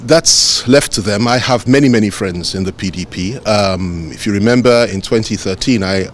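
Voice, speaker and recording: A man with a Nigerian accent, a politician answering reporters' questions outdoors in a measured, emphatic way, repeating phrases for stress. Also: on the low side, a little hiss or hum. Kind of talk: press interview answers.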